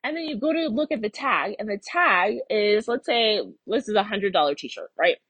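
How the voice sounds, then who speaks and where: A young woman coaching listeners on her own podcast, her pitch swinging up and down as she acts out their inner voices. Her voice is slightly husky and the sound is dry and close. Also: expressive, normal speed, fairly bright tone, dry recording. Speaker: life coach and podcast host. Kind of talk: solo podcast talk.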